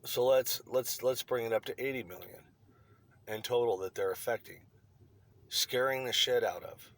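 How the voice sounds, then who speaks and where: A man's voice: mid-range voice, moderate pace, a bit bright. A man delivering a blunt, profane opinion rant to his online viewers. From United States. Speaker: vlogger.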